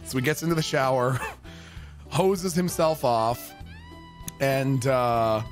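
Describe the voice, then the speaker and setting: A man's voice: medium pitch, slow, faint music behind. A man telling a story in a casual, profane, rambling way, full of restarts.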